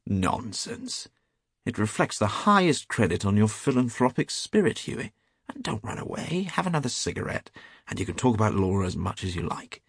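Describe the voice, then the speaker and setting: A worldly painter with a drawling, teasing manner, read by a man. The voice is low and husky. The reading is dry and close. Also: big pitch swings, normal speed, no echo, heavily acted.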